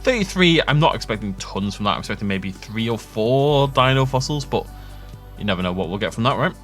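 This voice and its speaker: A man's voice: fairly low pitch, lively intonation, fairly quick, soft background music. A young man rambling and joking as he plays, self-mocking and chatty. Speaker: gaming YouTuber. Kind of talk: rambling gameplay commentary.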